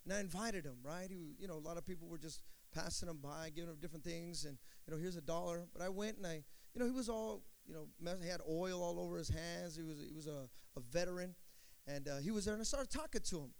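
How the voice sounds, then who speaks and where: A middle-aged man preaching a sermon as pastor, calling for amens and stretching out words for emphasis. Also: on the high side. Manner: call-and-response preaching, drawn-out emphatic words.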